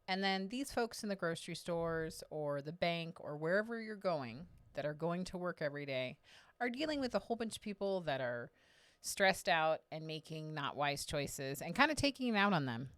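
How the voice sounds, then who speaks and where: A woman co-hosting a casual live stream, giving gentle, encouraging reminders. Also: low voice, expressive, moderate pace, no room sound. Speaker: co-host.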